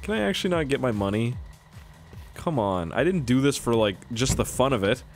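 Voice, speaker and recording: A man's voice: medium pitch, animated, a little fast, soft background music. A young man from Canada giving joking, self-mocking commentary while playing a game. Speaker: gaming YouTuber. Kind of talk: let's play commentary.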